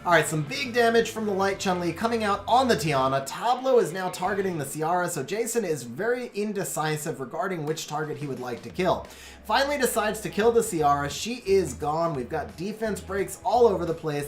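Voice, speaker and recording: A game streamer doing excitable play-by-play commentary on a match replay, then chatting casually with viewers. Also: medium pitch, fairly quick, echoey room.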